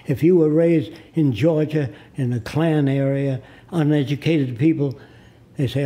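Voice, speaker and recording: A man's voice: fairly high pitch, warm tone. A man in his nineties from the United States, a guest telling stories in a studio interview and acting out the people in them. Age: 90s. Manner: deliberate storyteller who acts out the people in his stories.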